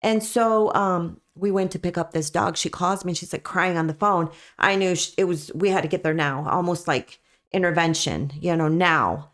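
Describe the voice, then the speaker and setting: A woman with a lowish voice speaks as a podcast guest. She tells her story as a dog breeder in an earnest, emphatic way and keeps coming back to her main points. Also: moderate pace, a bit bright. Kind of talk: conversational storytelling.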